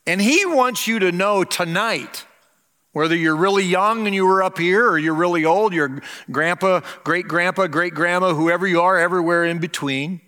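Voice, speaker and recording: An older male pastor delivers a Christmas sermon from the pulpit, his voice high-pitched and bright. He preaches earnestly and lets key phrases stretch out slowly. The sound carries a long reverb from the church around him. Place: church sanctuary.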